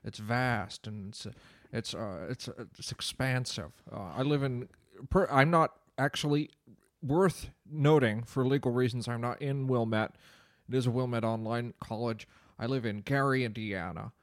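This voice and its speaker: A man's voice: mid-range voice, normal speed, dry recording, studio quality, close to an everyday voice. A man playing a bumbling, self-important male online-college professor, who rambles and halts mid-sentence. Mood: pompous. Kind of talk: improvised comedy character.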